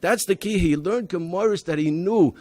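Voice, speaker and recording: Animated rabbi telling stories, slightly high voice. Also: male voice, normal speed, dry recording. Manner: animated, emphatic storytelling with many restarts; scatters Hebrew and Yiddish terms. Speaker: rabbi presenting a school program. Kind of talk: convention talk, telling stories.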